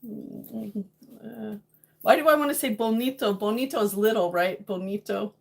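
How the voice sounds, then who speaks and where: A woman's voice: mid-range voice, unhurried, creaky. A middle-aged woman from New England, hosting a casual livestream chat with viewers, playful and laughing often. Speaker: livestream host chatting with viewers.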